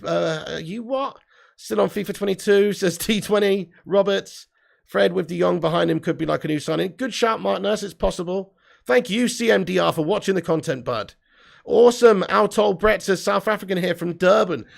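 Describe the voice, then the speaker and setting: Young english guy, southern accent, super gravelly fry, kinda high voice, chatty sweary live stream host reading chat. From England. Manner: chatty, sweary, reads out viewer comments. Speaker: football channel host.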